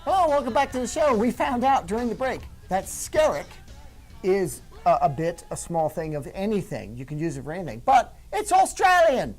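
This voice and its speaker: A man co-hosting a casual studio talk show, trading jokes and stories with his partner. His speech is lively, with his pitch swinging widely. The delivery is playful and animated. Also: brisk, faint music behind. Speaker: co-host.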